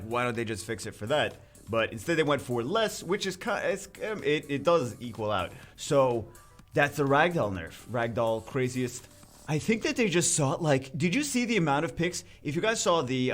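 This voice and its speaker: A man hosting a gaming video, talking through a game patch in an excitable, rambling way with many restarts. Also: mid-range voice.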